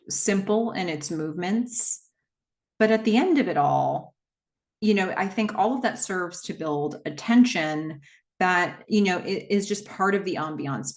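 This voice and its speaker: A young adult woman casually recapping a horror movie plot, slowing down for the dramatic beats. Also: fairly low pitch. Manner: expressive storyteller, slows for dramatic moments.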